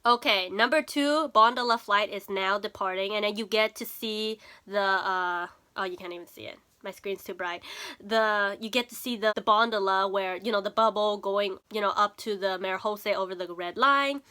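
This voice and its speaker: A woman's voice: mid-range voice, moderate pace, sharp tone, clear, resonant tone. A young woman chatting casually as she recaps and reacts to an anime episode, laughing often and using lots of fillers.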